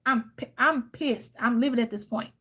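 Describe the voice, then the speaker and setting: A woman's voice: a little high, moderate pace, husky. A woman, telling a heated, profane story to her viewers. She sounds tired and irritated. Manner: heated, profane, animated storytelling with quoted outbursts. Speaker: tarot reader and channel host. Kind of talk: casual venting story to viewers.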